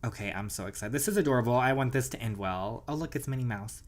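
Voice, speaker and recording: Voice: mid-range voice, fast. A channel host giving a chatty, gushing commentary while playing a romance story game.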